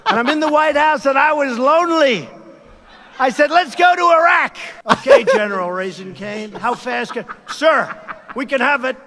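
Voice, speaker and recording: A man putting on a rambling, self-praising older politician in a comic impression, his voice pushed very high and swinging widely up and down. The delivery is bright and sharp, with shouted boasts that wander from one thought to the next. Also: expressive, normal speed, heavily acted. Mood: boastful.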